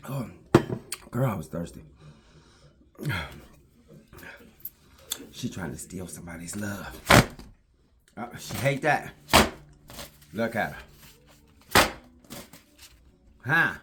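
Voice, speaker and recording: A woman's voice: very deep voice, sing-song, slow, long pauses, heavy background noise. A woman talking casually to her camera, emphatic and repetitive, now and then breaking off to talk to her puppy. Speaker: vlogger.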